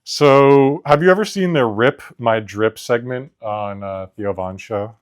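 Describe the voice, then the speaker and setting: A man's voice: mid-range voice, measured pace, smooth. A man co-hosting a podcast, telling rambling stories in casual chat, laughing often and filling gaps with "like". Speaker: podcast co-host.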